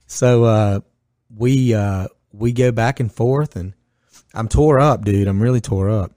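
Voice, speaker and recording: A gym owner from Northwest Georgia in the US, guesting on a podcast, tells a story in casual chat with a lowish voice at a slightly slow pace. He's blunt and profane, acting out quotes with lots of life. Clean studio sound, no room sound.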